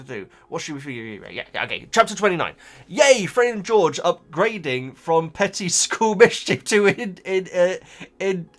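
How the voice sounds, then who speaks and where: A man's voice: fairly high pitch, a bit bright. Man, casual vlog chat, stammering restarts, rambling, faint background music. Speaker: YouTuber reacting to book comments. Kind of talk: casual chat reading viewer comments.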